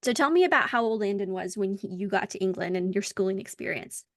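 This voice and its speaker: An American woman hosting a casual podcast conversation, telling stories in a lively way and acting out the dialogue. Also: medium pitch, fast, dry recording, studio quality. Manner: animated storyteller who acts out dialogue. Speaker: podcast host.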